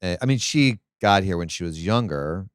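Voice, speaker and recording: A man's voice: low-pitched, lively intonation, normal speed, smooth, dry recording, clean studio sound. A man co-hosting a podcast, chatting casually in a rambling way with restarts. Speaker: podcast co-host. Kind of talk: casual chat.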